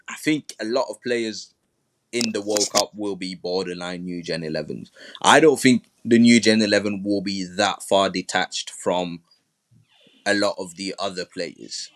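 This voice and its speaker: A man's voice: lowish voice, moderate pace, dry recording, rough recording. A man hosting a casual live-stream discussion, chatty and moderating turns, often restarting his sentences. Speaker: host.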